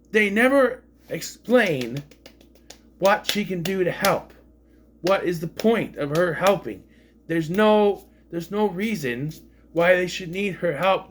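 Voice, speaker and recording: A man's voice: high-pitched, a little hiss or hum. A man casually reviewing a film, rambling and frank, swearing freely as he complains. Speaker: movie reviewer.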